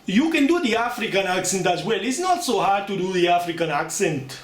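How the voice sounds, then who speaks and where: High-voiced man in an echoey room. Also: very animated, fairly quick, hardly any pauses. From Slovakia. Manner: hesitant, many fillers, slips into put-on accents. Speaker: aspiring actor demonstrating accents. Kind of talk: casual accent demonstration to camera.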